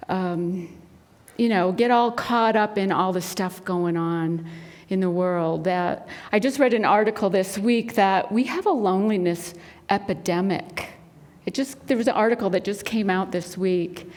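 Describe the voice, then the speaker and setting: A woman speaking to a spiritual center congregation, telling stories and acting out the people in them. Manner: animated storyteller, acts out quotes in a high bright voice. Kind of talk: sermon talk with storytelling. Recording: long hall reverb.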